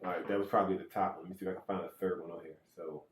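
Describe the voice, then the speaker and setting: A man's voice: deep voice, steady tone, very fast, echoey room, a little hiss or hum. A man giving a casual, rambling how-to on checking an electric skateboard, counting threads and bolts aloud, correcting himself and joking as he goes.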